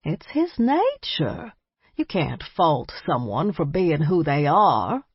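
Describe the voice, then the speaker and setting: A woman's voice: deep voice, big pitch swings, slow pace, breathy edge, no room sound, heavily acted. A woman voicing an older grandmother with a folksy, scolding, affectionate drawl, recorded a little muffled. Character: warm bossy Southern grandmother, older woman.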